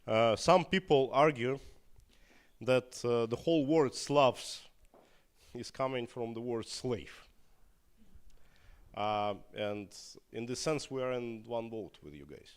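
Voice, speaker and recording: A Russian man whose first language is Russian, answering audience questions in English at a live talk in a halting way, with many fillers and restarts. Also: medium pitch, smooth. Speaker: opposition politician guest.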